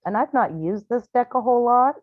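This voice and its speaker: A woman's voice: fairly high pitch, animated, brisk, no room sound, narrow, tinny audio. Candid, chatty woman on a video call. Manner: candid and chatty, with frequent "um" and restarts. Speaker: healing group leader. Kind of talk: casual talk on a video call.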